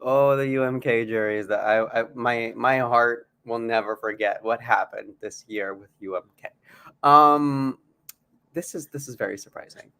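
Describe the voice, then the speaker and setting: A man co-hosting a podcast in casual chat, animated and playful, laughing often. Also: mid-range voice, moderate pace, clean tone. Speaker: podcast co-host.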